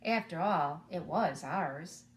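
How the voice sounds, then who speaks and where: A woman's voice: fairly low pitch, lively intonation, slow, reverberant. A woman voicing a bold, clever young boy in a storybook reading. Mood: cheeky.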